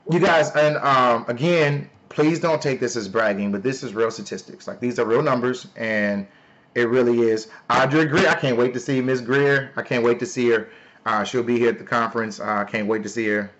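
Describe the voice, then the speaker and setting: Loud playful man hosting a live stream. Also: mid-range voice, muffled recording. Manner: loud, playful, talks to chat. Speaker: livestream host. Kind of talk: casual live stream pitch.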